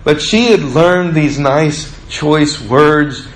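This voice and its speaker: Folksy preacher in an echoey church. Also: male voice, a little hiss or hum. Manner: folksy storyteller, drawn-out emphasis, dips low on asides. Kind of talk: sermon. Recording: echoey room with faint ambience.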